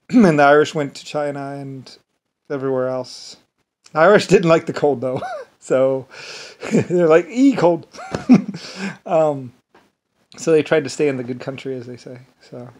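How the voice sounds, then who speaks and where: A man's voice: a little high, darkish tone. A man in a rambling casual monologue, chuckling often between phrases as a vlogger.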